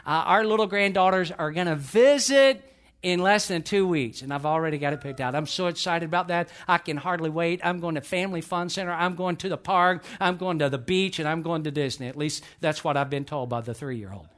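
Older man, pastor, sermon, folksy, slightly high voice, questions to congregation. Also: brisk, a bit bright.

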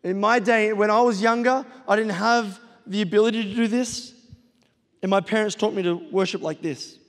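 A man's voice: sits high, fairly even intonation, moderate pace. A middle-aged man preaching a sermon, calling on his listeners with repeated urgent exhortations. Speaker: pastor. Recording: long reverb of a large hall.

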